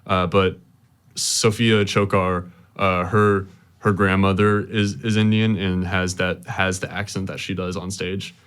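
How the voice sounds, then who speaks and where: A man's voice: low-pitched, level tone, a little slow, a bit bright, clean tone. A teenage boy talking earnestly as a student guest, often repeating words as he restarts. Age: teens. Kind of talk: casual interview chat.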